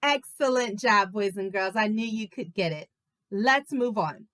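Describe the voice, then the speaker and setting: A woman teaching a video lesson to preschool children in a slow, encouraging, sing-song way. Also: mid-range voice, a bit bright.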